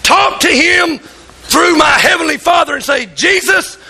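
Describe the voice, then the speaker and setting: A man's voice: very high voice, normal speed, vocal fry, bright, forceful tone, shouting, rough recording. A pastor preaching a fervent sermon in church, acting out voices in the stories he tells.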